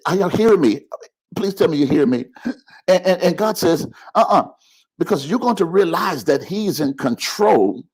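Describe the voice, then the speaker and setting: A man's voice: on the high side, lively intonation, normal speed, darkish tone, breathy edge. A man preaching a live-streamed sermon as pastor, calling out to the congregation with repeated phrases and building to rising, heated intensity.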